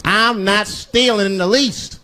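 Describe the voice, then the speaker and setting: Comedian guy doing standup, high voice that jumps all over, live crowd and noise behind him. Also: unhurried. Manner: animated storytelling, swinging between voices. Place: live stage before an audience. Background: audience laughter.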